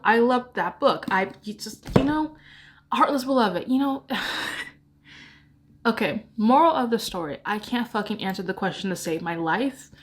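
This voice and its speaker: A woman's voice: mid-range voice, fairly bright tone, slight background noise. A woman book vlogger chatting casually to the camera indoors, rambling and laughing at herself as she talks. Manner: rambling, self-deprecating, giggly. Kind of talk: casual chat.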